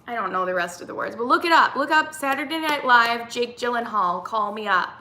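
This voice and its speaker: A woman's voice: on the high side, fairly quick, sharp tone, echoey room. A woman in her thirties hosting a casual live-stream chat, reading viewer comments aloud and answering them. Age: 30s.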